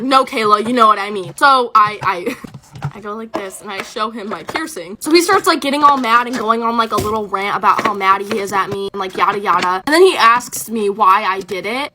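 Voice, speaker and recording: A woman's voice: a little high, bright, forceful tone, a little hiss or hum. A teenage girl telling a storytime about her own life in a casual, rambling way, full of fillers and self-conscious asides. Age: teens.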